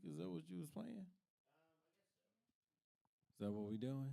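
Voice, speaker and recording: A comic from Kentucky works through a stand-up set built on family stories. He keeps a laid-back storytelling pace and often laughs at his own jokes, in a voice that sits slightly high for a man. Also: sing-song, unhurried, creaky, warm tone. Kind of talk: stand-up comedy.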